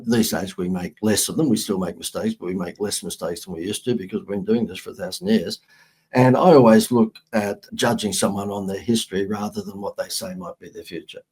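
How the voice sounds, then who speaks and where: An older Australian man, a marketing guest, telling animated, self-mocking stories in a podcast interview. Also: low voice, husky.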